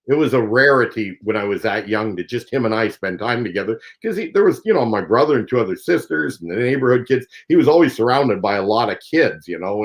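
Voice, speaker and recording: A man's voice: medium pitch, low-quality recording. A Canadian man, a professional angler, telling a story in a casual, rambling way with many fillers. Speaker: professional angler and show host.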